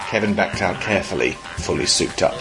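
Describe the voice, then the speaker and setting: Deep-voiced man reading a deadpan story. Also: brisk, over music, low-quality recording. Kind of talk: reading a comic story aloud.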